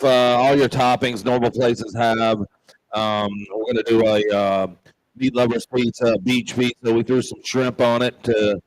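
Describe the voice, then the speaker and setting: A man from Memphis with a Southern accent, a pub owner and show host, rambling through stories with plenty of pauses and fillers. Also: mid-range voice, no room sound, rough recording. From Memphis, Tennessee. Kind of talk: casual chat.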